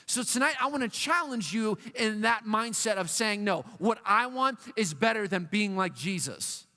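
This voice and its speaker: A man preaching to a youth group, animated and playful, acting out a whining dog and other whiny voices. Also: sits high, normal speed. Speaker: youth pastor. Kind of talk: youth sermon. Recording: long hall reverb.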